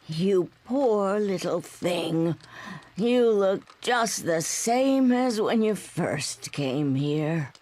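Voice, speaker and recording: A woman voicing a weary older female barkeeper who talks in a slow, doting, cooing drawl. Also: fairly low pitch, animated, dark tone.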